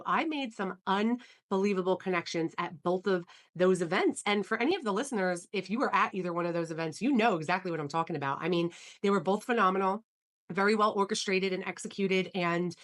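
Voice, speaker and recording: A woman's voice: on the low side, fairly quick. A woman hosting a solo podcast, telling her story in an earnest, enthusiastic way with frequent fillers like "um" and "you know.". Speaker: podcast host.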